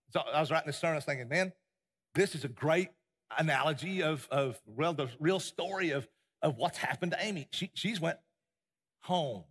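A man's voice: fairly high pitch, fairly bright tone, husky. A man preaching a sermon as pastor, impassioned, stumbling and repeating words as he goes. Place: church sanctuary. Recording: long hall reverb.

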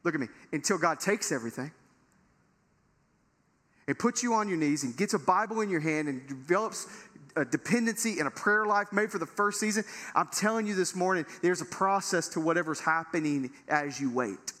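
Bright, high-voiced man preaching in a hall. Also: lively intonation, brisk. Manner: conversational preaching, rising to emphatic. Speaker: pastor. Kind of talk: sermon. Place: large church hall. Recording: long reverb of a large hall.

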